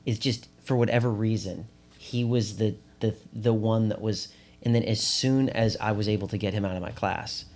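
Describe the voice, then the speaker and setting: A man who is a drama teacher, co-hosting a podcast and telling lively stories in casual chat. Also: fairly low pitch. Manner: animated storyteller, quick asides.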